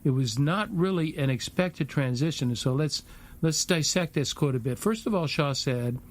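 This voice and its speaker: A middle-aged man hosting a talk radio show, speaking in a halting way and repeating words as he thinks. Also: fairly high pitch, animated. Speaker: host.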